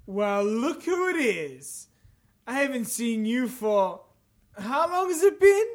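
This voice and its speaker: A man theatrically reading out the taunting lines of a male video game villain, with sudden shouts. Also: very high voice, big pitch swings, takes it slowly, pitched above the performer's own voice, heavily acted. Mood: gloating.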